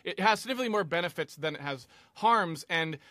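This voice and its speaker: A man's voice: on the high side, animated, pushed and bright, dry recording. A man hosting a casual panel chat, joking and often checking in with "right?". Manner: quick, joking, says "right?" a lot. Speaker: podcast host.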